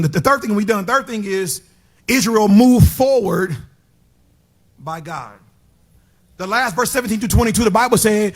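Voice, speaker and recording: Man, middle-aged, pastor, high voice, husky tone, shouting then hushed storytelling. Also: animated, moderate pace, long pauses. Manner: swings from loud shouted praise to low hushed storytelling. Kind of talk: sermon. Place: church sanctuary.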